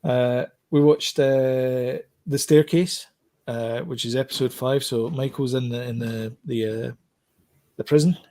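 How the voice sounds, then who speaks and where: A man's voice: medium pitch, measured pace, dark tone. A man co-hosting a casual podcast, talking about TV shows in a rambling way, with lots of fillers and restarts. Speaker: podcast co-host.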